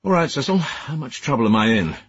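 A man's voice: medium pitch, very animated, a little fast, breathy edge, dry recording, muffled recording, voice pushed up. A man voicing a small, constantly amused male civil servant who talks in a breezy, teasing, jovial way.

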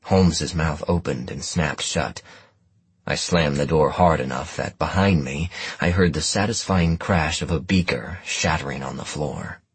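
Husky low-voiced male narrator. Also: measured pace, no echo. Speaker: audiobook narrator. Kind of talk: scripted first-person narration.

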